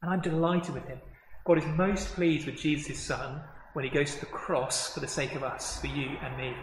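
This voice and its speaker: A man preaching a sermon, animated, acting out the quoted words with rising excitement. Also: fairly high pitch, normal speed, noisy background. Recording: echoey hall with long reverb.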